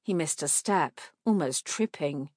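Woman, audiobook narrator, measured clear reading, lowish voice, dry close recording. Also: animated, a little mellow, dry recording.

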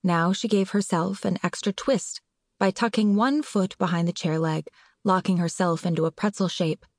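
A woman narrator reading an audiobook in a measured, clear way. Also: on the low side, no room sound, studio quality. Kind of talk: scripted narration.

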